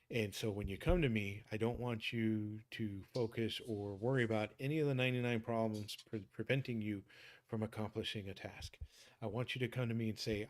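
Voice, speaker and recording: A man's voice: fairly low pitch, darkish tone. A middle-aged man signing off his game stream in a casual, upbeat way, rambling with many fillers and restarts.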